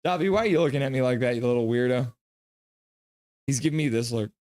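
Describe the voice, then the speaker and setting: A man's voice: medium pitch, fast, darkish tone, dry recording. Chatty man reading live chat. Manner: reads viewer comments aloud, jokey, chatty play-by-play. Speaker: live stream host. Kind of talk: casual live-stream chat reading and game reaction.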